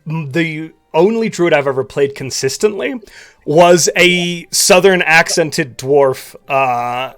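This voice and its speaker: A man co-hosting a podcast interview, animated and quick to laugh. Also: a little high, smooth, faint music behind. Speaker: co-host. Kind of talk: casual interview chat.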